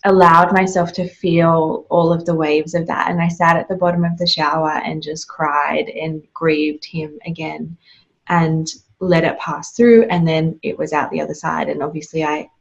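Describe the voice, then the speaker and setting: Host, female, lowish gravelly voice, reflective casual talk, slightly dull recording. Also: little pitch movement, moderate pace. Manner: reflective, frequent "like" fillers. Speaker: podcast host. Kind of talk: casual spiritual conversation.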